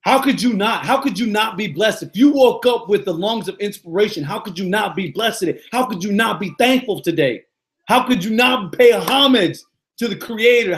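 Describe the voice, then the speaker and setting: High-voiced, exuberant male motivational coach. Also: fairly bright tone. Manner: exuberant, repetitive, peppered with "yo" and "man". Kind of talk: live motivational talk, greeting viewers.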